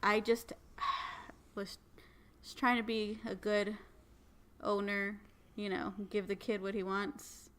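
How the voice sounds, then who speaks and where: A woman's voice: medium pitch, flat delivery, slow pace, long pauses, a bit bright. A young adult woman co-hosting a podcast, animatedly telling a story and laughing at herself. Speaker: podcast co-host. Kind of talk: casual storytelling chat.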